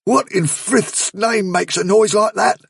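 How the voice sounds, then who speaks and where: A man's voice: mid-range voice, expressive, measured pace, creaky, sharp tone, breathy edge, no room sound, clean studio sound, far from the mic, voice pushed up, exaggerated voice. A man voicing a large, tough male rabbit who speaks in a tense, strained way. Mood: fearful dread. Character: big bold buck rabbit gripped by dread.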